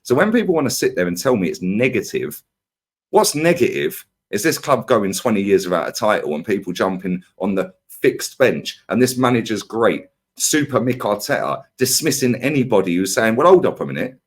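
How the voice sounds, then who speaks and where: A man's voice: fairly low pitch, normal speed, breathy edge. A man ranting in a heated football fan debate, firing rhetorical questions at his co-host. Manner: ranting, animated, rhetorical "yeah?" and "right?".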